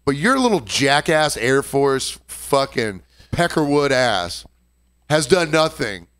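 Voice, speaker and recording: Animated, swearing male storyteller. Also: medium pitch, slow. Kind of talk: casual podcast chat.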